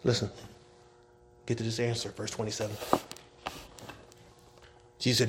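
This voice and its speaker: A man preaching a sermon as pastor, swinging between shouted scripture and quiet, quick asides, repeating key lines for his congregation. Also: lowish voice, little pitch movement, heavy background noise. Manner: repetitive, call-and-response preaching. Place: church with congregation.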